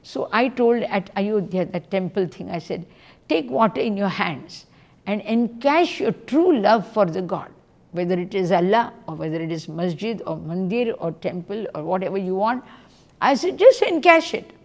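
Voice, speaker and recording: A woman, a spiritual teacher giving a religious talk, telling a story and acting out its quoted voices in an animated way. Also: medium pitch, moderate pace.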